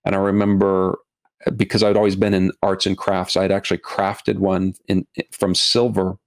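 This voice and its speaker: A middle-aged man, a documentary filmmaker as a podcast guest, talking earnestly and haltingly, often restarting and repeating words. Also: sits low, completely flat delivery. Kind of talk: podcast interview.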